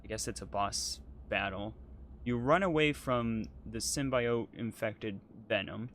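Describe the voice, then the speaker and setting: A man's voice: fairly low pitch, a little slow, fairly bright tone, a little hiss or hum. Hesitant man in casual chat. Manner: hesitant, many ums, apologetic and laughing. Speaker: podcast co-host playing a driving game.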